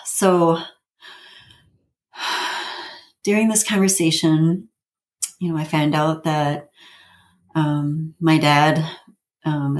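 A woman in her fifties with a notably low voice tells a personal story. She speaks haltingly, with plenty of fillers and nervous little laughs. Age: 50s. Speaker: guest telling her family story.

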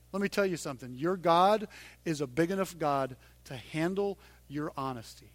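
A middle-aged man preaching a sermon in a conversational way, dropping to a hush and then rising loud and emphatic. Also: high-pitched, dry recording. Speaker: pastor.

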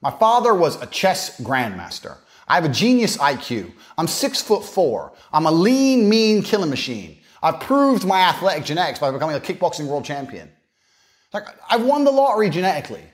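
Brash man for a podcast rant, fairly high and very expressive, swaggering and crude. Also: moderate pace. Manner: swaggering, mocking, profane. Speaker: podcast speaker. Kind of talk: boastful monologue.

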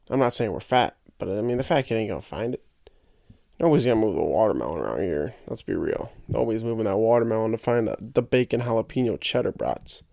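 A man's voice: lowish voice, gravelly, mellow, no room sound, studio quality. A young man hosting a podcast, rambling and joking in casual solo chat and tripping over his own words. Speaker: podcast host.

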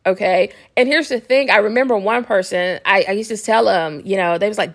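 A woman's voice: mid-range voice, fast talker, hardly any pauses, a bit bright. A woman hosting a podcast, talking casually about spiritual self-help in a rambling way, laughing often and checking in with listeners. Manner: chatty, rambling, often asks listeners "okay?". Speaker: podcast host.

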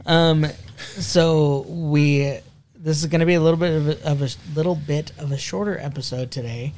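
A man's voice: fairly high pitch, fairly even intonation, moderate pace, darkish tone. A man hosting a casual podcast chat with friends, rambling with fillers and laughing often. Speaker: podcast host. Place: basement room.

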